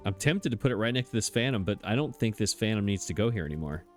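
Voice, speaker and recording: Low-voiced man doing casual game commentary. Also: animated, quick pace, faint music behind. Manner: thinking aloud, puzzled questioning; self-mocking, chatty. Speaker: let's play host.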